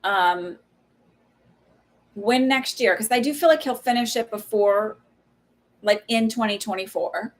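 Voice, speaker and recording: A woman's voice: on the high side, unhurried, pauses often. A woman in her thirties doing a live psychic reading, answering viewer questions in a casual, hesitant way with many fillers and friendly asides. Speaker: psychic reader on a livestream.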